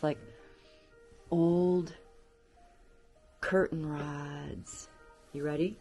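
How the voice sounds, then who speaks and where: A woman vlogger narrating as she explores an abandoned farmhouse attic, chatty and exclaiming at creaking floors, recorded on a handheld camera. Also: sits low, takes it slowly, pauses often, mellow, soft background music.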